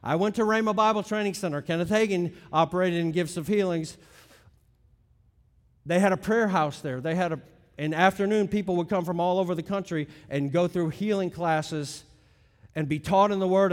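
Man, middle-aged, high voice, preaching a teaching sermon, emphatic stresses, quiet asides, long hall reverb. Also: moderate pace. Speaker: pastor.

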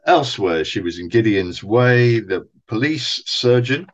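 A man's voice: mid-range voice, lively intonation, a little slow, muffled recording. A man co-hosting a podcast, methodically reading out actors' credits and dates in a casual chat about old television. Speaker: podcast co-host.

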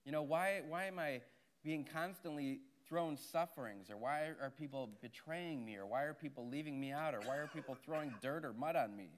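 A man's voice: a little high, normal speed. A man, a Catholic priest, giving a sermon in a conversational, storytelling way, with frequent asides to the listeners.

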